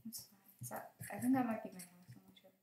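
A young woman hosting casual let's-play commentary, excitable, yelping and laughing whenever danger appears. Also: fairly high pitch, fast, roomy sound, soft background music, low-quality recording. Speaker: gaming channel host.

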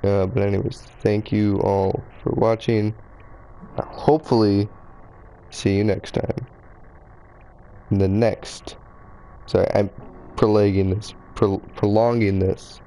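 Male game streamer, low mellow voice, loose rambling chatter, pokes fun at himself. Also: level tone, takes it slowly, long pauses, poor audio. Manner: rambling, chatty, self-deprecating. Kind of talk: casual live game streaming.

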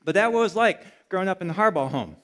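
Middle-aged pastor, fairly high voice, chatty sermon delivery with bursts of punch. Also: male voice, fast. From Michigan. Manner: conversational storytelling, builds to energetic emphasis.

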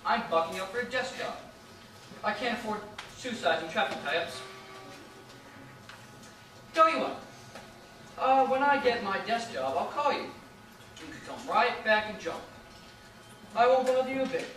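A man's voice: high-pitched, animated, a little slow, long pauses, fairly bright tone, a little hiss or hum. A young man playing a nervous, blustering city policeman in a school stage play. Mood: flustered. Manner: blustering, flustered, rambling. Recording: echoey stage from far off.

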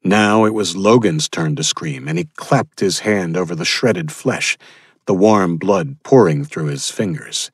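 A man narrating a thriller audiobook in a steady, grim storytelling manner. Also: low voice, a little slow, breathy edge, no room sound, clean studio sound. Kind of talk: scripted narration.

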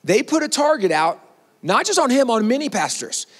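Brief: high-pitched man, animated history storyteller, conversational, long hall reverb. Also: moderate pace. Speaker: speaker.

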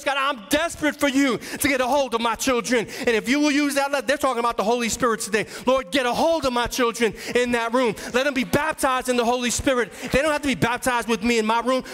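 A man's voice: very high-pitched, fairly quick, hardly any pauses, fairly bright tone. A man, an associate pastor, preaching a sermon with impassioned, pleading fervor. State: emotional, voice dropping low. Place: church sanctuary. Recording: long reverb of a church hall.

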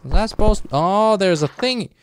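Folksy rough country man , a man streamer doing a shaky put-on drawl, fairly high voice, noisy stream audio. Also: lively intonation, brisk. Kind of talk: in-character gameplay commentary.

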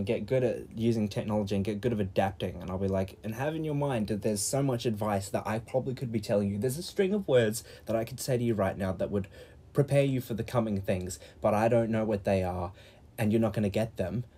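A man's voice: lowish voice, mellow, husky. A young man streaming live, rambling in a profane, loose monologue and acting out the people he quotes in raised voices.

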